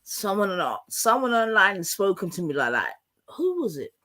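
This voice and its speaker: A man hosting a live stream, chatting loosely and reading articles aloud with quick asides, his throat a little sore. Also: high-pitched, sing-song, bright, forceful tone. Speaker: livestream host. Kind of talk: casual live-stream chat.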